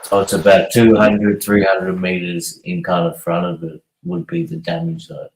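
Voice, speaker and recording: A man hosting a casual chat who asks loose, relaxed follow-up questions. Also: deep voice, moderate pace, slight background noise. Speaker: host asking questions. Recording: roomy echo.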